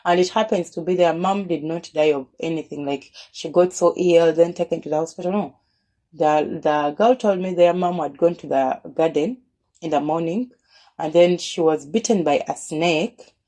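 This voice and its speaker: Mellow low-voiced woman telling a story. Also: normal speed. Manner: earnest, repeats words and restarts phrases. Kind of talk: personal storytime monologue.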